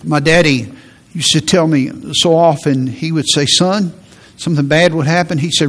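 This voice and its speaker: A middle-aged man preaching a sermon as pastor, earnest, often repeating phrases and slowing down for emphasis. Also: fairly high pitch, steady tone, a bit bright.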